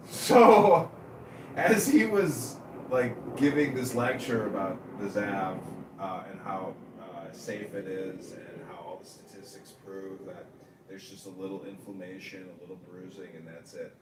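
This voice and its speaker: A man's voice: low-pitched, a little slow. Man rambling mockingly in an echoey room. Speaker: host, mayoral candidate. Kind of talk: rambling livestream chat. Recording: echoey room, distant mic, faint noise.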